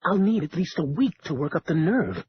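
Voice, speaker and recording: Man voicing a nervous fussy male librarian, high-strung protests, muffled lo-fi audio. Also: very animated, moderate pace. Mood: alarmed protest. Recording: dull lo-fi with faint hiss.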